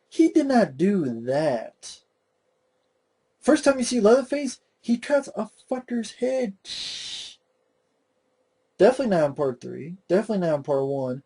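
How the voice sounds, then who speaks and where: A young man vents about a film in a slow, drawn-out delivery, his voice sitting a bit high for a man. He sounds exasperated and mocking and swears constantly, clearly fed up with what he watched. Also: very animated, mellow. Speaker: movie reviewer. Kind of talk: profane movie rant.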